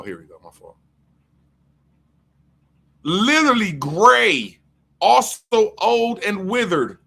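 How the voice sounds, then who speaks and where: A man hosting a casual livestream, his pitch swinging widely as he reads aloud and riffs. He talks loosely and profanely, laughing often as he thinks out loud. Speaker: livestream host. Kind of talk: casual livestream chat, reading aloud from the screen.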